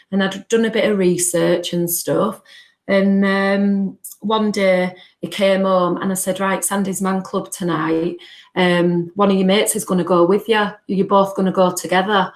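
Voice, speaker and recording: A woman telling her story as a guest on a podcast, in an earnest, halting way. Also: mid-range voice, little pitch movement, roomy sound, low-quality recording. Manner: earnest, halting, acts out remembered dialogue. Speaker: guest, bereaved mother. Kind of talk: personal storytelling in a podcast interview.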